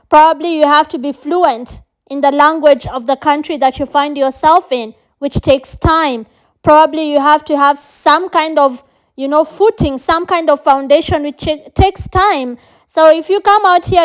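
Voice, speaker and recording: A woman's voice: high-pitched, poor audio. A woman from Kenya, giving earnest, direct advice to her viewers in a casual vlog. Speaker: vlogger.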